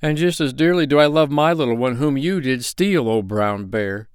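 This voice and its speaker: A man's voice: mid-range voice, lively intonation, normal speed, smooth, no room sound, clean studio sound, voice pushed up, close to an everyday voice. A man reading the part of a humble, brave peasant father mourning his lost child. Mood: earnest.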